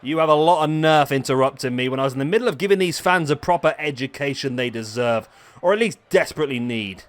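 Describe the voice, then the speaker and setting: A man's voice: medium pitch, animated, fast talker, natural voice. Guy doing a smug wrestling heel, pompous and mocking, talks down to everyone. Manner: condescending, mocking, pompous words. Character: arrogant male wrestler villain, smug self-proclaimed genius.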